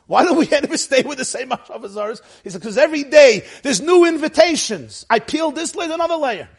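A man teaching a spiritual lecture to an audience, animated and emphatic, asking many rhetorical questions. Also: very high voice, a little fast. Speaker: religious teacher.

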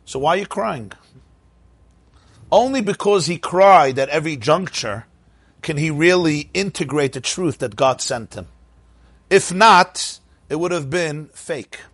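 A man giving a Torah class as a rabbi, lively and questioning, with mock-cheerful asides. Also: on the high side, unhurried, pauses often, breathy edge, no echo.

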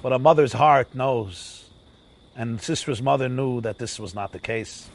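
A man giving an animated, sing-song Torah lecture. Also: mid-range voice, unhurried. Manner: animated, sing-song preaching with Yiddish and Hebrew terms. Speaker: rabbi teaching a Torah class.

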